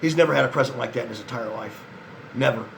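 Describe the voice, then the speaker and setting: A worn-out man vlogs to his male viewers in a casual monologue to camera, rambling, hopping between thoughts and swearing a lot. His mid-range voice moves quickly with vocal fry, and he sounds frustrated, disappointed and resigned over a noisy background.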